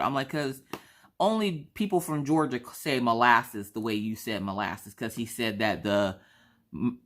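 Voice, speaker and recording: A woman's voice: rumbling low, moderate pace. A woman from South Carolina with a mixed Southern accent, chatting casually and telling a story while acting out the people in it. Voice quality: animated, acts out other people in the story. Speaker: craft vlogger.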